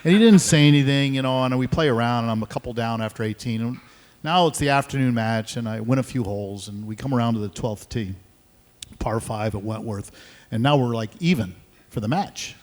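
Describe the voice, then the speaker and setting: An older man and pro golfer telling an animated story on stage at a conference, acting out the dialogue. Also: mid-range voice, fairly quick. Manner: animated, acts out dialogue in voices. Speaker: guest speaker, pro golfer. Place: event hall at a conference. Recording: reverberant hall.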